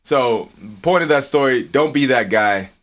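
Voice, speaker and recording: A man co-hosting a podcast, telling a story in casual, profanity-heavy talk, acting out quotes in a high voice. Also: measured pace. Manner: swears a lot, animated, acts out quotes in a high voice. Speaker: podcast co-host. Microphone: earphones with mic.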